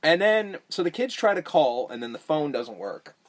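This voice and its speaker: A man's voice: fairly high pitch, sing-song, normal speed. A young man hosting a podcast, recapping a movie in a rambling, profane, offhand way. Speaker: podcast host. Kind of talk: casual movie recap chat.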